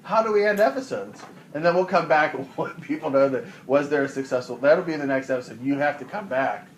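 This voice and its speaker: A man's voice: a little high, animated, a little fast, slight background noise. A young man co-hosting a podcast, joking around in casual chat and putting on silly voices. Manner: jokey, playful, puts on silly voices. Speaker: podcast co-host.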